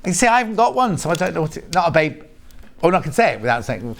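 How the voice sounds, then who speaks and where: A man hosting a live shopping channel, chatty and jokey and quick to laugh. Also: on the high side, sing-song.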